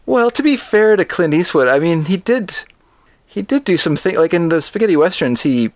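A man's voice: high-pitched, expressive, moderate pace, darkish tone, dry recording. A middle-aged man co-hosting a casual film podcast, rambling and correcting himself as he goes. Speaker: podcast co-host.

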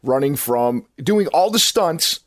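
Speaking slowly and expressively in a voice on the high side, a man hosts a podcast of casual film-review chat. He rambles with enthusiasm, circling back and correcting himself. The clean studio recording has no room sound.

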